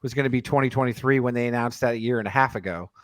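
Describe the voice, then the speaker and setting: Guy rambling on a podcast, mid pitch, dry close mic. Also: racing, dry recording. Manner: rambling, filler-heavy, digressive. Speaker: podcast co-host. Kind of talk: casual chat.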